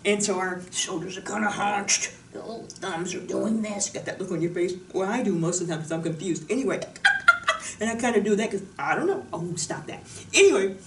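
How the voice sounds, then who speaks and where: A bubbly, jokey woman from the US Pacific Northwest talks casually through an exercise demonstration as a fitness instructor. Her mid-range voice comes from a distance, off the mic, with a roomy echo and faint noise.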